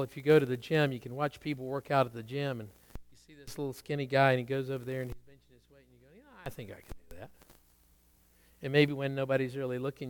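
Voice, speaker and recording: A man preaching a sermon, rising to strong emphasis and dropping to quiet asides. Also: medium pitch, smooth, dry recording. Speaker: pastor.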